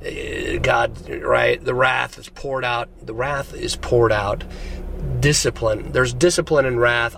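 A man's voice: mid-range voice, gravelly, a bit bright, a little hiss or hum. A man preaching a conversational sermon, often checking in with his listeners.

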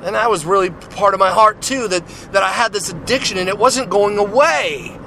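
An earnest man preaches informally outside, his slightly raised voice running on in restarts and repeated "you know". Car traffic and street noise carry clearly behind him. He sounds loose and heartfelt, more like a testimony than a formal sermon. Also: high voice, normal speed, pushed and bright. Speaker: Christian speaker sharing testimony. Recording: noisy street with passing cars.

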